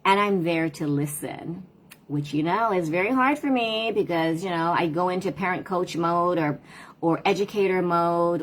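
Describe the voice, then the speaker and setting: A woman's voice: fairly low pitch, normal speed, a little hiss or hum. A middle-aged woman and parent coach, talking casually and reflectively in a livestream. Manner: reflective, conversational, tells stories about her daughters.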